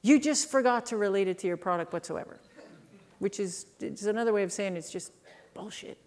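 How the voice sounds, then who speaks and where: Canadian woman, middle-aged, keynote speaker, lively anecdotal delivery, acts out quoted people. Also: medium pitch, brisk. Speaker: speaker on market positioning. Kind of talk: storytelling keynote talk.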